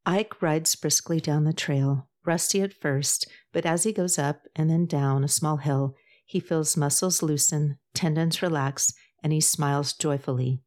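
A woman narrating a novel in a measured, even storytelling voice. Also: low-pitched. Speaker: audiobook narrator. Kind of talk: scripted narration.

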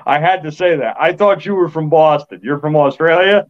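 A man's voice: on the high side, fairly quick, dull audio. A man from Connecticut co-hosting a podcast, rambling in casual chat, repeating himself and apologizing often. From Connecticut, USA. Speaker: podcast co-host.

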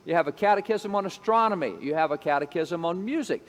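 A man's voice: sits high, fast talker. Emphatic man lecturing in a reverberant hall. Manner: emphatic, repetitive, acts out quoted voices. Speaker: speaker on education history. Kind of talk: lecture-style talk.

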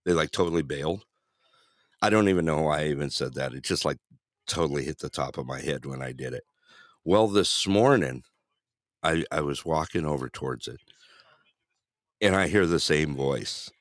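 A man's voice: rumbling low, normal speed, long pauses, dry recording, studio quality. A man co-hosting a talk show, telling stories with lots of laughter. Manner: laughing storyteller, animated. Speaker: radio show co-host. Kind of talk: casual chat show banter.

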